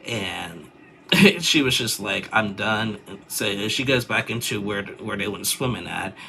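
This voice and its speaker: Young man, deep gravelly voice, bright edge, rambling casual recap, faint background noise. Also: lively intonation, measured pace. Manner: rambling, many fillers and restarts. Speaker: reality TV recapper.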